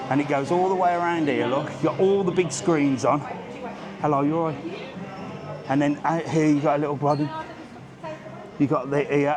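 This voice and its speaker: A British travel vlogger with a voice on the high side streams live as he strolls outdoors down a busy resort strip. Between greetings to people, he rants bluntly and swears casually, with faint street noise behind him.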